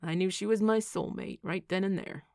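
A woman's voice: mid-range voice, fairly even intonation, normal speed, creaky, a little mellow, no echo, studio quality, lightly acted. A woman reading the part of a playful, teasing young man in an audiobook, speaking grandly and boisterously.

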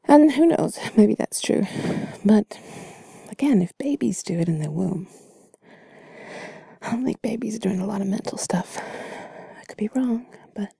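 A woman in a whispered role-play, talking softly and teasingly to the listener as her bed partner. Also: mid-range voice, lively intonation, normal speed, vocal fry, husky, no room sound. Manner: soft, teasing and playful, often whispering. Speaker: ASMR creator.

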